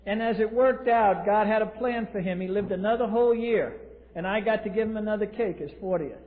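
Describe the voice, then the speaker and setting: A man's voice: high voice, a little fast. A man telling his recovery story from a podium, blunt and wry with dry humor, from the US East Coast. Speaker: recovery meeting speaker. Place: large convention hall. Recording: tinny lo-fi 1980s tape in a reverberant hall.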